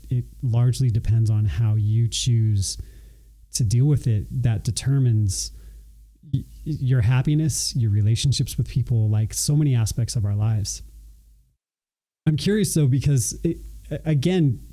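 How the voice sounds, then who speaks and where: A man hosting an interview, asking thoughtful, searching questions in a halting way. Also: medium pitch, dark tone. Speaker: podcast host.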